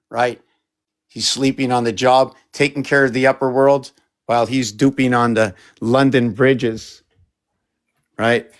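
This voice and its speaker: A man showing his paintings on a live stream, talking in a rambling, playful way and jumping from excited exclamations to muttering. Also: mid-range voice, unhurried. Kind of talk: casual live-stream chat.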